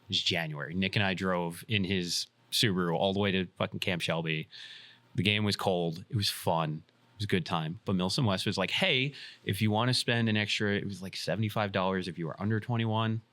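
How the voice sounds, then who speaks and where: A low-pitched man with a bright, forward tone tells a rambling story on a casual podcast. He swears freely, laughs between lines, and acts out the quotes. The sound is dry and close. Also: steady tone, a little fast, dry recording. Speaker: podcast co-host.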